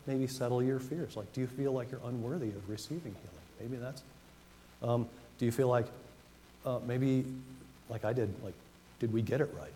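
A man preaching a sermon as pastor, talking conversationally and reading scripture slowly with emphasis. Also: medium pitch, dark tone. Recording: long reverb of a hall, faint noise.

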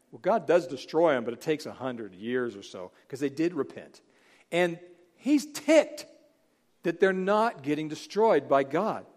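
A middle-aged man preaches with lively energy, dropping into character voices to act out scripture. His voice sits a little high for a man. A long hall reverb trails every phrase. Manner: animated, acts out biblical figures in voices. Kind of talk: sermon.

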